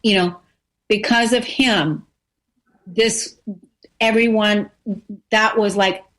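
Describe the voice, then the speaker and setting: A woman with a medium-pitched, fairly bright voice speaks slowly and steadily as she hosts a radio talk show. She talks earnestly but rambles loosely, filling her casual chat with fillers and repeated phrases.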